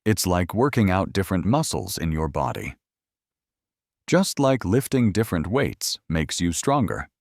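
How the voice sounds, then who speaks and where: A man giving scripted narration for an English listening lesson, explaining slowly and clearly. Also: deep voice, sing-song, a little mellow, no room sound, clean studio sound. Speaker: English teacher.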